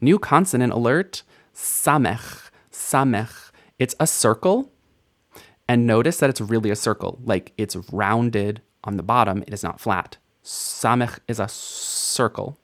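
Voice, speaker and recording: Patient man teaching Hebrew sounds. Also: mid-range voice. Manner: patient, playful teacher, spells out sounds slowly and repeats words. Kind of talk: recorded language lesson.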